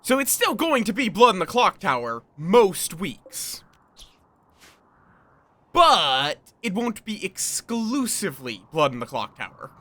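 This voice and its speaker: A man's voice: high voice, sing-song, takes it slowly, bright, forceful tone, dry recording. A tired man chatting casually on a game livestream, playful and slipping into silly put-on accents. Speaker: streamer. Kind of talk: casual livestream chat while gaming. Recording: faint music in the background.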